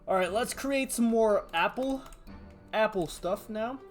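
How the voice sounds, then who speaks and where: A young man giving excitable commentary on a strategy game as a gaming YouTuber, laughing often and hyping up his audience. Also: sits high, a little slow, faint music behind.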